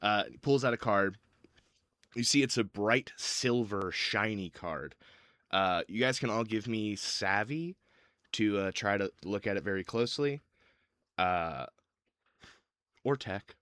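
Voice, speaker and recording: A man's voice: fairly low pitch, a little slow, long pauses, a bit bright, clean tone, dry recording, studio quality. A man running a tabletop game as game master, narrating casually with many fillers.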